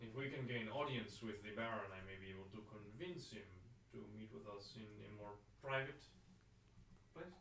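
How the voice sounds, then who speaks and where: A man in a tabletop role-play, speaking in a measured, persuasive way. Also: fairly low pitch, fairly bright tone, slight background noise. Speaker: tabletop game player. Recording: echoey room from a distance.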